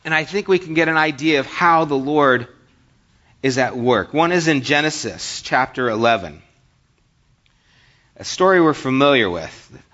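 A man's voice: mid-range voice, animated, moderate pace, pauses often, pushed and bright. An American man preaching a sermon in a conversational way, reading scripture aloud and telling funny stories. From United States. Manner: conversational, reads scripture and tells jokes. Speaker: pastor. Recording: dull lo-fi recording.

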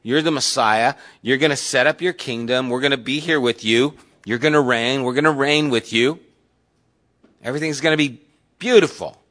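A man's voice: medium pitch, normal speed, a bit bright, natural voice. A man voicing a burly, earnest male fisherman disciple who pleads insistently. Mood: earnest pleading.

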